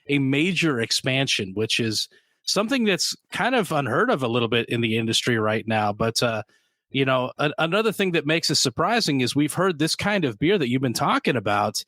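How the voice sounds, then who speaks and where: A man's voice: mid-range voice, lively intonation, moderate pace, a bit bright, no echo. A man co-hosting a beer podcast, talking casually and rambling with lots of ums and restarts. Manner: rambling, with many fillers and restarts. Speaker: podcast co-host. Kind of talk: casual chat.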